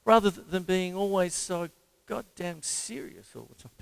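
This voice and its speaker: A man with an Australian accent giving a casual, jokey drum lesson and counting the stickings out loud. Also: high-pitched, unhurried, creaky, very noisy. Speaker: drum teacher. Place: home drum studio. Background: loud drum kit playing.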